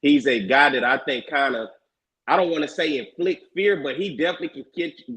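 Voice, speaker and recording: A man on a sports talk show, walking through a college football game at a measured pace. He keeps posing rhetorical questions as he makes his case. His voice sits in an ordinary male range. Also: mid-range voice, fairly bright tone, poor audio. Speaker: show panelist.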